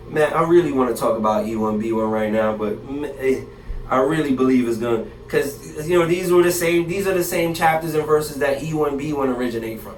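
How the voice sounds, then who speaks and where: A man's voice: medium pitch, fairly quick. A man teaching from the Bible in a casual, slang-filled way, talking straight to his listeners and reading verses aloud. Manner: slangy, animated, talks to the audience directly. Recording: echoey room, distant mic, faint hiss.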